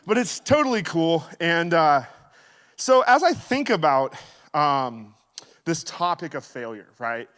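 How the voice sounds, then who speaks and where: A man in his thirties giving a sermon as guest speaker, telling stories in a playful, animated way. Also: on the high side, unhurried. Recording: reverberant hall.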